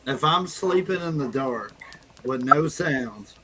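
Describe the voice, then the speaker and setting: A man, a ghost hunter, co-hosting a casual chat. He talks haltingly and often starts his sentences over. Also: mid-range voice, animated, crowd noise, rough recording.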